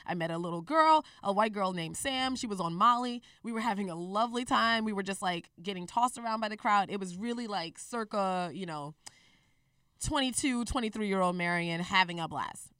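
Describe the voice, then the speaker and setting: A young woman in her twenties telling a personal story in a candid, profane, animated way on a casual talk show. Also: mid-range voice, normal speed, smooth, no echo, studio quality, far from the mic.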